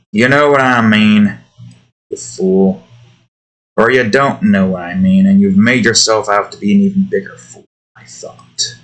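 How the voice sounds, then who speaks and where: A man's voice: lowish voice, a bit bright. A tired man rambling and grumbling to himself in casual commentary while he builds a game. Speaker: game developer vlogger.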